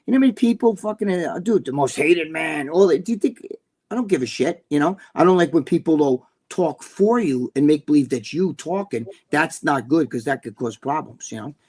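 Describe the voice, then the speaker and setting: A man with a New Jersey accent chatting casually on a talk show. His voice sits high, and he talks bluntly, swears freely and rambles through "you know" fillers. He sounds like a seasoned bodybuilding personality holding court. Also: animated, fairly quick, darkish tone, breathy edge. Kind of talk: casual chat.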